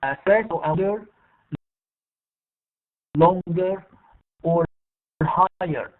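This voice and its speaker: Tinny halting male teacher. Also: high-pitched. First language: Arabic. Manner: halting, repeats words, many fillers. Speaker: English teacher. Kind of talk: bilingual online lesson. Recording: tinny phone-like online call audio.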